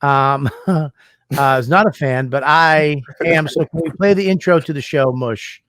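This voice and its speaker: A man's voice: on the high side, measured pace, fairly bright tone, no room sound, studio quality. A man co-hosting a casual podcast chat, telling stories with lots of swearing and laughter. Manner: profane, laughing storyteller. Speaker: podcast co-host.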